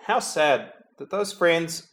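Taking his time, a man with a slightly high voice preaches an animated yet reflective homily that reads like prayer. Addressing Jesus directly, he quiets to a hush whenever the name comes up, with the occasional bit of gentle humor.

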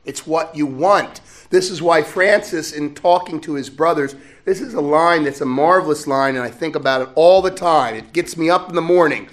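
A man from the States, preaching a sermon in a lively call-and-response manner and chuckling often. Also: a little high, normal speed, few pauses. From Southern United States.

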